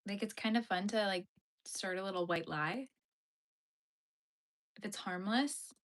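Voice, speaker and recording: A woman from Yellowknife, Canada, speaks a little slowly in a medium-pitched voice as she hosts her knitting livestream. Chatty and quick to laugh, she answers viewer comments casually and uses "like" frequently as filler.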